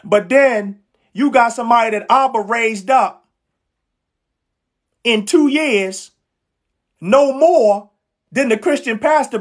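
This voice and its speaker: A woman preaching a live sermon, fervent and emphatic, repeating lines and calling out to her listeners in casual, slangy speech. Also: on the high side. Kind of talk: live-streamed street-style sermon.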